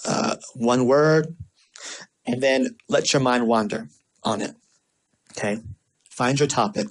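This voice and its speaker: A vlogger telling a story in a sassy, animated way and then giving casual marketing tips. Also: poor audio. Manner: acts out quoted voices with big pitch swings. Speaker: vlogger and small business owner.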